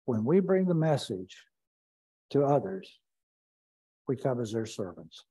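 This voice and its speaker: A pastor leading a Bible study, speaking deliberately and repeating key phrases for emphasis. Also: male voice, mid-range voice, very animated, dark tone, breathy edge, rough recording.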